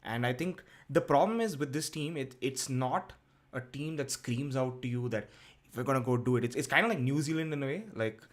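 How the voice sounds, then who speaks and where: A man's voice: medium pitch, a little fast. A man co-hosting a cricket podcast, talking casually with lots of fillers and restarts. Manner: hesitant, many fillers and restarts.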